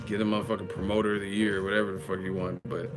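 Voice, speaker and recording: A grown man streaming live, ranting bluntly and profanely about boxing, with mocking asides in a high sneering voice. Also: flat delivery, racing, music in the background. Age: adult. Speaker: boxing commentary livestreamer. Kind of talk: casual livestream rant.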